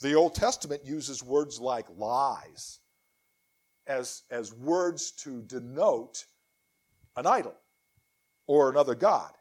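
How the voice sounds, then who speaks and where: A man's voice: medium pitch, animated, slow, pauses often, darkish tone, slightly rough. A middle-aged man preaching a sermon, reading scripture aloud with rising emphasis.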